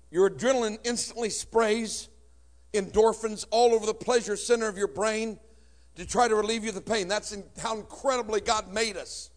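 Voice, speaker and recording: A man preaching a sermon with personal testimony, swinging from shouting to hushed tones in front of a congregation. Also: high-pitched. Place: before a congregation.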